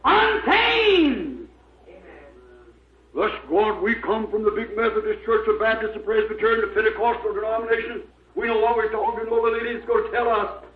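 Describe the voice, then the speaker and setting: Fervent preacher, a man with a very high voice, captured in a roomy, echoey church. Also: flat delivery, quick pace. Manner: emphatic, fervent, spells out words letter by letter. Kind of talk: sermon. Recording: echoey, dull lo-fi old recording.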